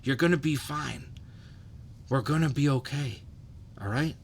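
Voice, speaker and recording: A man's voice: mid-range voice, unhurried, a little hiss or hum. A man in his thirties hosting a casual livestream, loose and profane, often asking "you know what I'm saying". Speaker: livestream host.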